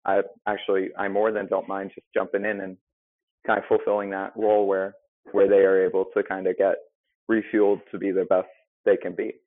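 A man's voice: low-pitched, completely flat delivery, fairly quick, dry recording. Young man on a thin phone line. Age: young adult. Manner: hesitant, with many fillers. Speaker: restaurant manager, guest. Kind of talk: casual interview answers.

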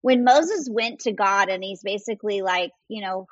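A woman's voice: medium pitch, moderate pace, few pauses, no room sound, highs cut off. A woman author as a guest, telling a faith story earnestly and acting out quoted voices. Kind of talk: faith-based interview storytelling.

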